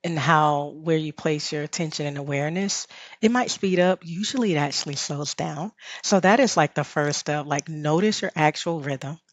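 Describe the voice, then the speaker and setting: A woman's voice: low-pitched, moderate pace, no echo. A woman with a Southern US drawl, a rest teacher and podcast guest, talking in a reflective, guiding way and laughing often. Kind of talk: podcast conversation.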